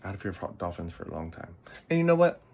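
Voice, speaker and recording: A Bronx, New York man hosts a podcast, telling casual stories in a monologue while sleepy and yawning. His voice sits low with a darkish tone and comes out very animated and very fast. He rambles, loses his thread, and swears casually.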